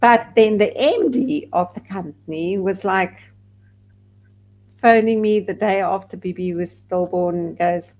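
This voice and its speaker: A woman's voice: mid-range voice, unhurried, lo-fi sound. A woman from South Africa, a podcast guest, candidly telling a personal story and acting out the people she quotes. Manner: candid, animated when quoting others.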